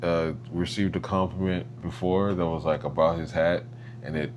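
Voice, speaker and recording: A man co-hosting a casual podcast, talking his thoughts through slowly with many fillers. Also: low voice, fairly even intonation, darkish tone, a little hiss or hum. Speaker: podcast co-host.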